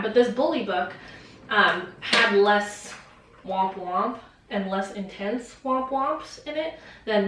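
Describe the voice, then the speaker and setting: In a fairly bright, medium-pitched voice, a young woman vlogs casually about a book, rambling and swearing with many fillers. The recording has a distant mic, a very echoey room and slight background noise.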